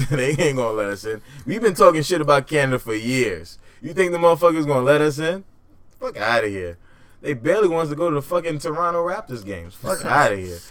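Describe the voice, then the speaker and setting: Guy ranting and joking w his buddy, cusses a lot, loud slangy bursts. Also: on the high side, sing-song, a little fast, no room sound. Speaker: co-host. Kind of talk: casual political chat.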